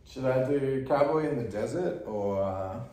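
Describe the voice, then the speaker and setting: A man's voice: medium pitch, lively intonation, normal speed, mellow, slight background noise. A man hosting a casual chat, telling stories candidly and laughing at them, swearing freely. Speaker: podcast host and musician. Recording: echoey room with guitar.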